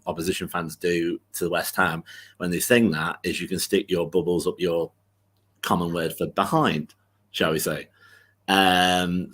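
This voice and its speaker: A man's voice: sits low, fairly bright tone. A man co-hosting a football podcast, telling a long rambling anecdote in casual chat, full of fillers and restarts.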